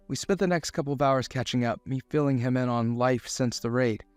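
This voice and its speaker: A man narrating a first-person romance story in a steady scripted delivery. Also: mid-range voice, brisk, few pauses, smooth, dry recording, soft background music.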